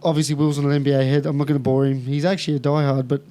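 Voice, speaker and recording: A man's voice: mid-range voice, level tone, racing, mellow. A young Australian man co-hosting a podcast in casual chat, sounding nasal and congested from a cold, blokey and sweary, laughing often. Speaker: podcast co-host.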